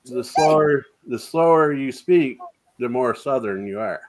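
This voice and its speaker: A middle-aged man hosts a relaxed livestream chat in an everyday mid-range voice. He is laid-back and quick with a self-deprecating joke. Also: medium pitch. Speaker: host.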